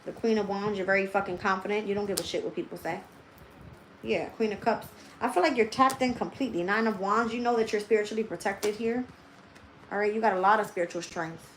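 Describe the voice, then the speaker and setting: Woman, tarot reader, livestream, cusses constantly, blunt, thinking out loud, mid-pitched voice, faint hiss behind. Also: fast talker, reverberant, low-quality recording. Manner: blunt and heavily profane; thinks aloud, talking straight to viewers.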